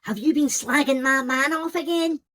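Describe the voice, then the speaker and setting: A man voicing an angry, confrontational woman in a shrill falsetto. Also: normal speed, a bit bright. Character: angry scolding Scottish woman.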